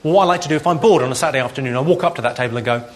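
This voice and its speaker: A man performing a stand-up comedy set, delivering dry deadpan one-liners. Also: mid-range voice, rapid-fire. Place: live comedy venue. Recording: live show with loud background noise.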